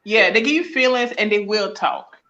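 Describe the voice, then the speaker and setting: A woman, a psychic medium, chatting casually as an interview guest, slangy and animated, acting out little dialogues as she explains. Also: mid-range voice, moderate pace, muffled recording, background noise.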